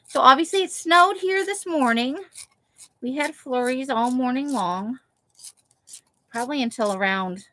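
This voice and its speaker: A woman's voice: medium pitch, sharp tone, a little hiss or hum. Chatty woman crafting while she talks. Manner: chatty, thinks aloud, many "like" fillers. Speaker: craft livestream host. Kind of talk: casual chat while crafting. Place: home craft room, Las Vegas.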